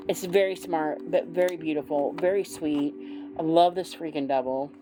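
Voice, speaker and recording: A woman's voice: low voice, steady tone, a little slow, over music, rough recording. A woman chatting casually in a tarot video, gushing and chatty with many fillers and restarts. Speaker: tarot vlogger. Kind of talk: casual show-and-tell.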